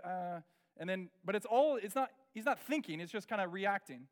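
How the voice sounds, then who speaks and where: A middle-aged man delivers a storytelling sermon. His voice sits high for a man, and he slips into the voices of the people in his story as he tells it. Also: moderate pace. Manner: animated, acts out quoted voices. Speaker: pastor.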